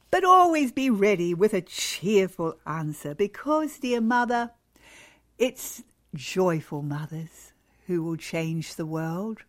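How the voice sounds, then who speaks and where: An emphatic woman gives a devotional talk to mothers, exhorting them and acting out cheerful replies. Her pitch leaps and falls with great liveliness. She speaks slowly, letting each phrase land. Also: very animated.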